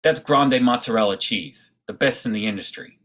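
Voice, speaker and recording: A man's voice: lowish voice, animated, normal speed, a bit bright. A man voicing a large, intimidating man who runs a pizzeria, speaking bluntly and curtly. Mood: gruff.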